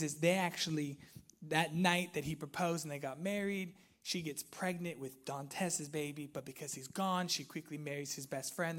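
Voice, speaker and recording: A young male pastor delivering a sermon to a live congregation. He tells the story animatedly, rising to loud, excited peaks and sinking into soft, near-whispered passages. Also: sits high.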